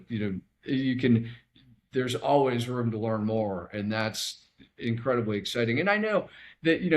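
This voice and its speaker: A man hosting a podcast interview, speaking with enthusiasm and appreciation. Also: on the low side. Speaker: podcast host. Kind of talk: interview host wrap-up.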